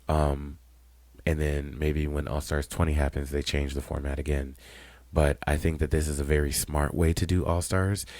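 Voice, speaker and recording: A man's voice: rumbling low, darkish tone, dry recording. A man co-hosting a casual podcast, blunt, profane and opinionated as he chats. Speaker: podcast co-host. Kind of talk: casual chat.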